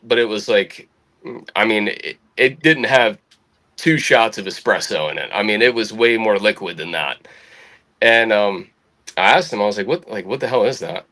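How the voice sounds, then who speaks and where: A young adult man spins a casual anecdote with a slightly low voice. He swears freely and lifts his pitch to act out the people he quotes. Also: a bit bright. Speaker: podcast guest. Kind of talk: casual storytelling.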